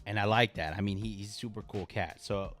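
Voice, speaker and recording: A man hosting a casual live stream, chatting with viewers and reacting with loud exclamations. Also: fairly low pitch, brisk, faint music behind. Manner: animated, exclaims and laughs at viewers' comments. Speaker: live stream host reviewing knives.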